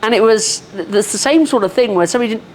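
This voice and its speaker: A woman, telling a self-deprecating story in a measured, wry way on a live podcast. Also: a little high, a little mellow, a little hiss or hum. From England. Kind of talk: casual storytelling.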